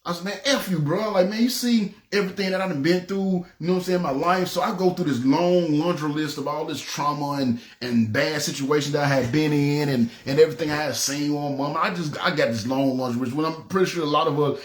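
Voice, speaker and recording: Preacher guy telling his testimony, lively storyteller, a bit high pitched, roomy echo. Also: fairly quick, hardly any pauses. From Memphis, Tennessee. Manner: animated storytelling, acts out dialogue; frequent "you know what I'm saying". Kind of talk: personal testimony.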